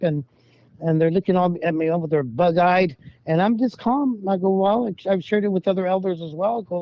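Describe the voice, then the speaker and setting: A man tells his stories in a loose, rambling way, slipping into the voices of the people he quotes. His voice sits a little high for a man. The recording sounds dull and lo-fi. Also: a little fast, no echo. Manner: rambling, acts out quoted voices, laughs while telling. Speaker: guest storyteller. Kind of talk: casual storytelling.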